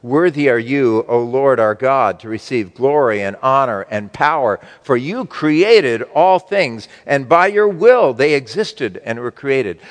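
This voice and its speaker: A man preaching a sermon to his congregation, slow and emphatic, with wide swings between loud and soft. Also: medium pitch, expressive, in a large hall. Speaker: pastor.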